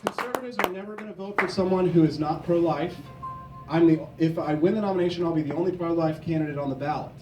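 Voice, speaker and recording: A young man from Missouri giving a forceful, combative campaign speech at a convention. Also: fairly high pitch, fast talker, music in the background. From Missouri, USA. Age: young adult. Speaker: political candidate. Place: convention hall. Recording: echoey hall, from a distance.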